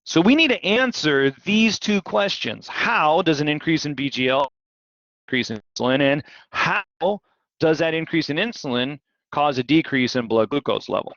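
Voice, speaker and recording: A man teaching physiology in a live online lecture, animated and questioning, repeating key words. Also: on the high side, normal speed, dry recording. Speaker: physiology instructor. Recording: dull, dry video-call audio.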